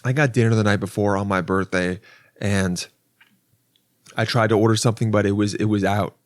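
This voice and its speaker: A man's voice: on the low side, fairly even intonation, a little fast, dry recording. Rambling comedian man, dry close sound. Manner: rambling and self-interrupting, with frequent restarts; loose and profane, with wry asides. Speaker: podcast host and comedian. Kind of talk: casual solo podcast monologue.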